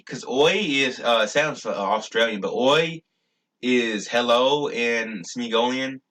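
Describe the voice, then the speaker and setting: A man's voice: medium pitch, unhurried, pushed and bright. A young man talking casually in a rambling vlog, stumbling and restarting often with many fillers. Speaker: YouTuber.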